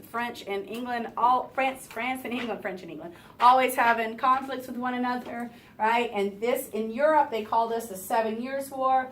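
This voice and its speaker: A woman teacher running a review lesson for her class, lively and chatty, pitched a touch high. She is recorded from across an echoey classroom, with faint room noise behind her. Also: recorded from a distance. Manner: lively, talks to students, keeps asking "right?". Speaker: history teacher.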